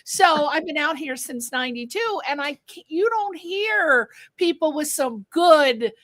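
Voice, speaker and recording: High-voiced chatty woman host. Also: animated, a little slow, fairly bright tone, no room sound. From Connecticut. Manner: chatty, effusive, restarts questions mid-sentence. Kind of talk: live talk show interview.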